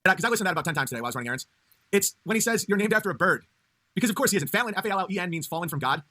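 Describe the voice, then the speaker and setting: A man hosting a casual livestream as a comedian, rambling in a halting way and laughing often. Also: high-pitched, animated, sharp tone. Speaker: comedian streamer.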